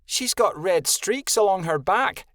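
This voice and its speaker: A curious young she-wolf, played by a male narrator whose voice sits well above his usual pitch. She sounds questioning and observant in a dry audiobook reading. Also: expressive, a little slow, fairly bright tone, no echo.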